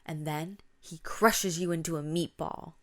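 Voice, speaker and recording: Woman doing gossiping schoolgirls, breathless and whispery, lowish voice. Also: fairly even intonation, a little slow. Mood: conspiratorial. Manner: breathless, whispery when spooky. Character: gossiping schoolgirls, young, eager.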